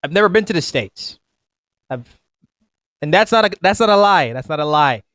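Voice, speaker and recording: A man with a light Jamaican accent talks in a casual chat, his speech clear and carefully shaped. His voice sits fairly high for a man and sounds smooth and resonant. The recording is dry and close. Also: animated, moderate pace, fairly bright tone, no room sound. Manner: clear, careful customer-service diction. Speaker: pastor.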